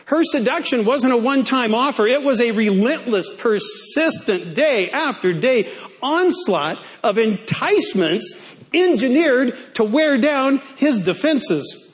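A man's voice: very high voice, expressive, a little slow. A male pastor preaching a sermon in a playful way, stretching key words out for emphasis.

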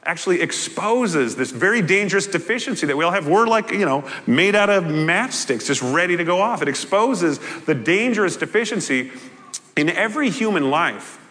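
A man preaching a sermon, talking to his congregation in a conversational way with joking asides. His voice is bright and forceful and swings widely in pitch. Every phrase trails off into a long reverb, as in a large hall. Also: normal speed. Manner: animated, conversational, playful asides. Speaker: pastor.

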